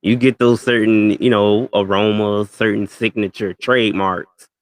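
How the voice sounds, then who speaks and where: A man with a low voice chats in a relaxed, agreeable way. His sound is dry and close, with no room around it. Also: a little slow, no room sound. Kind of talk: casual podcast conversation.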